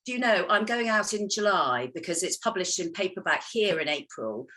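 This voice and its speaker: A woman's voice: medium pitch, lively intonation, normal speed, sharp tone. A woman novelist chatting in an interview, hesitant with many ums and laughing often. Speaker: novelist guest. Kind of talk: casual interview chat.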